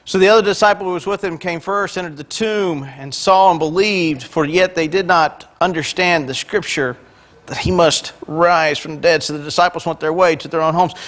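A man's voice: a little high, normal speed, fairly bright tone. A man who is a pastor, preaching a sermon in a church. He retells scripture in everyday words and mixes in joking asides. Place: church sanctuary.

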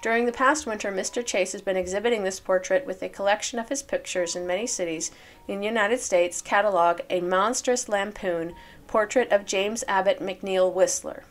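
A woman's voice: mid-range voice, moderate pace. Chatty woman reading old articles. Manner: chatty, thinks aloud with fillers and laughs. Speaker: reader of old newspaper articles. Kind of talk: casual reading with chatty asides.

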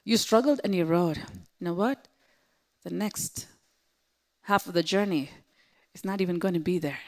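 A woman pastor preaching a sermon, swinging between loud exclamations and hushed, whispered asides. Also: fairly low pitch, normal speed.

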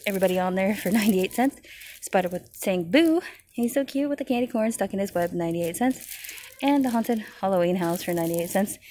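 A woman chats her way down a store aisle, reading out prices and gushing over cute decorations. Her voice sits at a middle pitch. A faint hum of shop noise runs behind her. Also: a little fast, warm tone. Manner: chatty, listing prices, cooing over cute items. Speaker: shopping vlogger. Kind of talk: casual store walkthrough narration. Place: large retail store aisle.

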